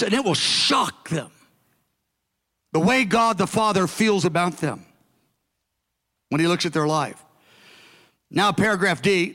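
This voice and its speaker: A male pastor preaching a sermon, acting out the characters' lines slowly and emphatically. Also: high voice, bright, forceful tone, long reverb tail.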